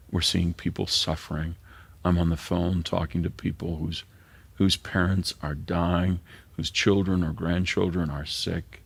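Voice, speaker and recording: A man's voice: sits low, creaky, slightly rough, no echo. A middle-aged man, a pastor preaching an earnest sermon that sometimes drops to a near whisper.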